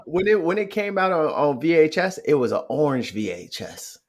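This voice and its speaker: A man from St. Louis co-hosting a podcast, playful and quick to laugh in casual chat. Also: fairly high pitch, expressive. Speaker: podcast co-host.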